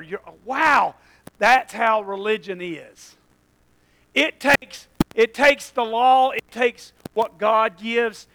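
A man preaching a sermon, moving between quiet asides and loud passages and laughing at his own jokes. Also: very high voice, slow pace, low-quality recording. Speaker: pastor.

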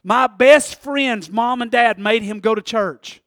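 A man preaching a sermon in church, animated and conversational, laughing often and rising to shouted peaks. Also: very high voice, slow pace, no room sound, studio quality.

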